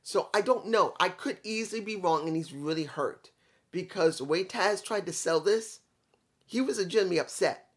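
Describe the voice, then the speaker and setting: A man's voice: sits high, normal speed. Rambling man reviewing wrestling. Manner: rambling, swears, restarts. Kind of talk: casual video review.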